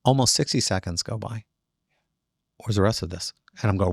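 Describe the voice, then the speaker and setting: Gravelly middle-aged attorney telling a story. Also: male voice, fairly low pitch, brisk, no room sound, studio quality. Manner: animated, acts out other voices in quotes. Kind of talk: casual storytelling interview.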